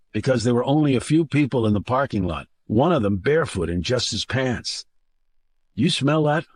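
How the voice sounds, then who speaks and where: A man narrating a thriller audiobook in a steady, measured way. His voice sits at an ordinary middle pitch. The recording is dry and close-miked, with no room echo at all. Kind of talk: scripted narration.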